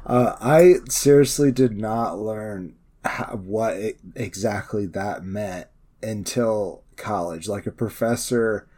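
A man's voice: lowish voice, slow pace, warm tone. A man co-hosting a casual podcast, telling loose, rambling stories with many fillers. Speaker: podcast co-host. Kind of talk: casual chat.

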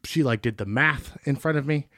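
A man's voice: mid-range voice, normal speed, fairly bright tone, no echo, clean studio sound. A man in his thirties co-hosting a podcast, bantering and teasing in casual chat. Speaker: podcast co-host.

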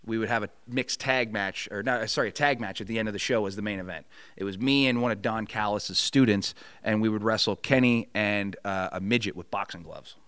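A man's voice: on the low side, brisk, clean tone, no room sound. A middle-aged man telling a long story in a casual chat, swearing freely and acting out what others said. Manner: profane, animated storyteller acting out quotes. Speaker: podcast guest.

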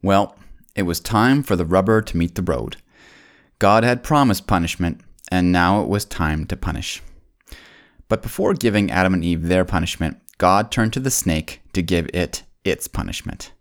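A man narrating a Bible story for children, folksy and speaking straight to the kids, slowing down and dropping his voice on solemn points. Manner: slows down and drops low on solemn points.

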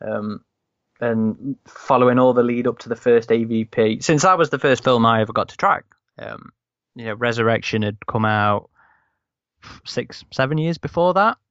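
A man's voice: medium pitch, moderate pace, fairly bright tone, clear, resonant tone, no room sound. A man in casual podcast chat, telling long rambling anecdotes full of restarts. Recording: slightly dull, dry recording.

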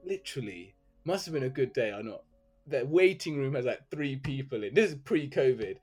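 A man's voice: medium pitch, expressive, normal speed, a little mellow, husky, soft background music. Young man, interview guest, loose chatty storytelling style. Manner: chatty storytelling, filler words. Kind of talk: casual interview chat.

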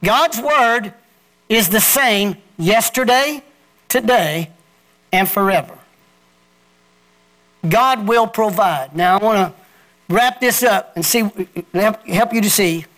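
This pastor's voice sits high with a fairly bright tone, and he takes his time, leaving long pauses. He preaches a sermon and prompts the congregation to repeat his lines back to him.

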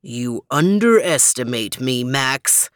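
A woman voicing a big, heavy male dog who speaks calmly and thoughtfully in a storybook. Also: a bass voice, slow, no room sound, studio quality, pitched below the performer's own voice, exaggerated voice. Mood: confident.

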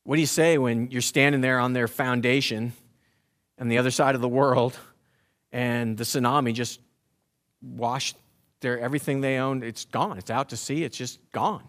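A man preaching a sermon with a pitch sitting in the ordinary middle range. He talks in a loose, conversational way, then builds up to emphatic, insistent preaching. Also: fairly even intonation, moderate pace, fairly bright tone. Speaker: pastor.

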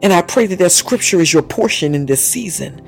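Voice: medium pitch, expressive, fairly quick, vocal fry. A prayer leader fervently interceding, repeating invocations, breaking into tongues and speaking prophetic words over one listener. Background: faint music.

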